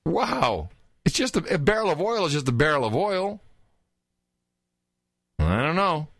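A man hosts a casual talk show and reacts to the news with animated disbelief. His pitch swings widely. The recording is close and dry. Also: unhurried, no echo. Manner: incredulous, animated, fond of the word "wow". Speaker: podcast host.

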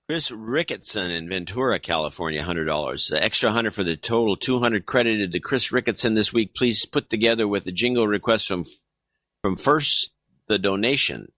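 A man's voice: lowish voice, sharp tone, dry recording. A man co-hosting a podcast, reading listener donations aloud with dry, wry asides in casual chat.

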